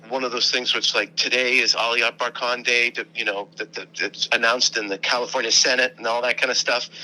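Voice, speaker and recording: A man, a guest on an interview show, telling a story in a casual, animated way, laughing often and acting out the voices of the people in it. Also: medium pitch, rough recording.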